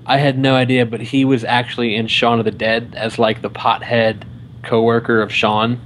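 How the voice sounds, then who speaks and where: A man's voice: mid-range voice, flat delivery, moderate pace, a bit bright, slight background noise. A young man co-hosting a film review show, rambling in casual chat and filling his sentences with "like". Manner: rambling, heavy use of "like".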